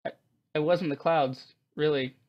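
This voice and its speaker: A man hosting a let's-play, rambling and excitable in his game commentary, laughing often as he talks. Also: fairly high pitch, normal speed, dull audio.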